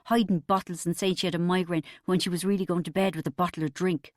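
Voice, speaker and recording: A woman's voice: lowish voice, fairly even intonation, fast, darkish tone, no room sound, clean studio sound, natural voice. A woman voicing a bitter, boastful middle-aged husband in an audiobook, pompous and aggrieved. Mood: indignant.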